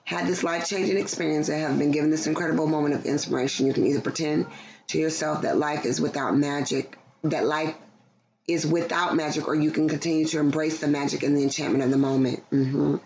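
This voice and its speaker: Casual woman, tarot reading, playful and profane, slightly low voice, muffled noisy recording. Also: steady tone, quick pace, creaky, a little mellow. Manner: loose, profane, playful, breaks into singing. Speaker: tarot reader. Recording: dull lo-fi sound with background noise.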